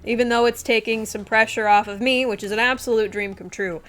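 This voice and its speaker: A young woman streamer reading game dialogue aloud, swinging between loud outbursts and hushed storytelling. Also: on the high side, fairly even intonation, brisk.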